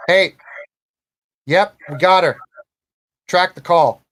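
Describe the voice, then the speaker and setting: A man's voice: fairly high pitch, moderate pace, voice pushed up, lightly acted. A man doing a curt, barking federal agent. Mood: commanding. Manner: barking orders. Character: gruff male federal agent, curt and commanding.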